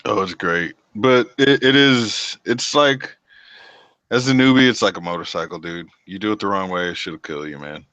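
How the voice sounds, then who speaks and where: Deep, easygoing man, dry muffled audio. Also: normal speed, fairly bright tone, no echo. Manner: easygoing, says "dude" and "man". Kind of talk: casual chat.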